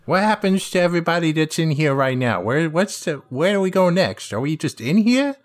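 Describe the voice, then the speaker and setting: A man playing a tabletop role-playing game in character, firing off jokey rapid questions. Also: fairly high pitch, sing-song. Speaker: player. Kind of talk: in-character role-play banter.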